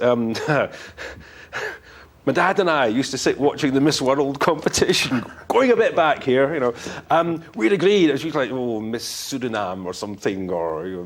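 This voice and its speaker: A middle-aged Scottish man, an author being interviewed, talking frankly in a rambling way with many fillers and restarts. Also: medium pitch. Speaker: author guest. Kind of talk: casual interview talk.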